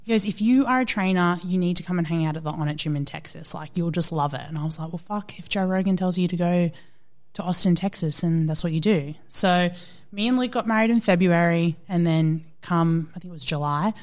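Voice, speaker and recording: Aussie woman yarning away, lowish voice, lively, swears a bit, acts out what people said. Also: a little fast. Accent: Australian. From Australia. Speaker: guest, fitness coach. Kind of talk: casual storytelling interview.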